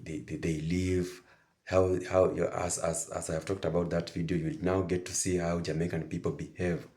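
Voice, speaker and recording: Male reaction host with a very low voice, enthusiastic and repetitive chat. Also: a little mellow. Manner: enthusiastic and repetitive, circling back to his points. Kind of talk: casual commentary to viewers.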